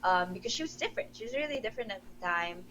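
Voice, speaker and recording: A woman's voice: mid-range voice, animated, racing, fairly bright tone, a little hiss or hum, rough recording. A young woman from the Philippines, a wrestler guest in a casual interview, talking with enthusiasm and giggles and often restarting her sentences.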